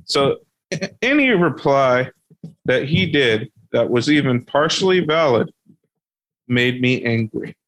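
Brief: young adult male podcast host, animated storyteller who swears freely, middle pitch. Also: takes it slowly, long pauses. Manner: animated, heavy swearing, laughing through his story. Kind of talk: casual storytelling.

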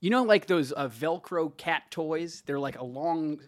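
Lively podcast man telling a story. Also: on the high side, unhurried, no room sound. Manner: storytelling, laughs often, swears. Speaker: podcast co-host. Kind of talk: casual chat.

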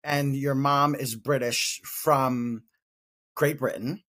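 A man's voice: medium pitch, fairly even intonation, takes it slowly, a bit bright. A man co-hosting a podcast in casual chat, reflective and given to playful teasing. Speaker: podcast co-host.

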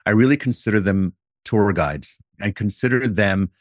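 A man with a fairly low voice speaks in a relaxed podcast conversation. He takes his time and works through each point with a playful what-if scenario. The sound is dry, with no room around it. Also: dry recording. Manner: deliberate, explains with playful hypothetical examples.

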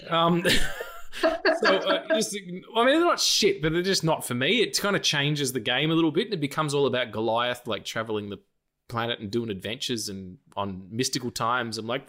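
Sweary late-30s man, lively voice. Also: medium pitch, moderate pace. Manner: loose, sweary, rambling with restarts and laughs. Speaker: podcast co-host. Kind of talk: casual chat.

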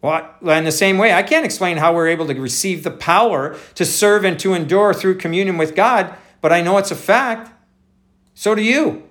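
Male pastor, slightly high voice, easygoing conversational sermon delivery. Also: normal speed, a bit bright. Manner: conversational preaching, addresses listeners as folks.

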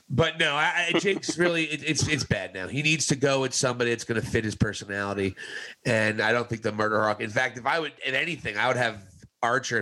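A man's voice: medium pitch, pushed and bright. A man co-hosting a casual wrestling review podcast, joking, swearing and riffing loosely. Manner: jokey, mimics people in goofy voices, swears freely. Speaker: podcast co-host.

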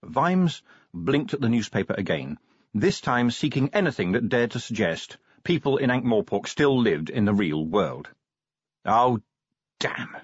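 Expressive male audiobook narrator. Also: medium pitch, normal speed, breathy edge, no room sound, lo-fi sound. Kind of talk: scripted narration.

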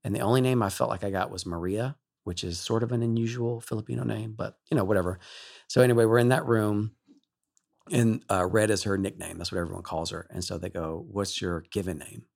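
A male worship leader, a guest on a talk show, telling an emotional story in an animated way and laughing often. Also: on the low side, brisk, creaky.

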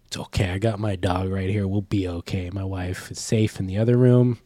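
A man's voice: deep voice, fairly even intonation, brisk, mellow, no room sound, clean studio sound. A man co-hosting a podcast from a room at home into a stand microphone, trading jokes and teasing. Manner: joking, teasing banter. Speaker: podcast co-host. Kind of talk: casual chat.

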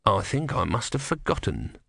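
A man putting on a small, grumpy male tortoise god with a slow, querulous delivery and a sly edge. The voice is dry and close, with a lively rise and fall. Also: lowish voice, vocal fry, breathy edge, no room sound, exaggerated voice. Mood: subdued.

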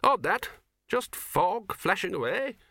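Man voicing a bluff old wizard chief, blustering, raised pitch, bright. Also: sing-song, slow pace, gravelly, dry recording, studio quality, heavily acted. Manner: blustering, high and emphatic. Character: bluff, hearty older male Arch-Chancellor wizard.

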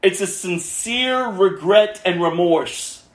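A man preaching a sermon as pastor, impassioned and full of rhetorical questions, dropping from loud to hushed. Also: sits high, lively intonation, slow, roomy sound.

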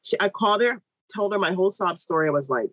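A woman in her thirties tells a long personal story in an interview, slipping into other people's voices as she goes. Her voice is slightly husky, and the sound is close and dry with no room around it. She speaks as a midwife. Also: on the low side, quick pace, dry recording, low-quality recording. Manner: lively, animated storytelling with quoted voices.

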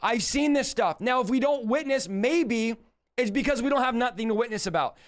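A man with a strikingly high voice preaching on a live stream. He swings between fired-up shouting and quieter rhetorical questions, like a revival preacher. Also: animated, moderate pace.

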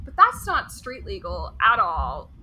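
A woman co-hosting a casual chat, recapping scenes with quick asides. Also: fairly high pitch, wildly swooping pitch, bright, forceful tone, slight background noise, rough recording. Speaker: podcast co-host.

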